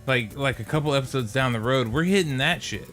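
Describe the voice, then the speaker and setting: A man's voice: mid-range voice, a bit bright, faint music behind. A man co-hosting a casual anime review podcast, rambling and restarting his sentences often. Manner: rambling, halting with many restarts. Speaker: podcast co-host.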